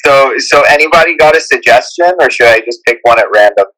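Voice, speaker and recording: A man's voice: mid-range voice, a little fast, sharp tone, poor audio. A man with a Persian accent who talks in a rambling, earnest way and often restarts his sentences in a casual live audio chat. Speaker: guest speaker.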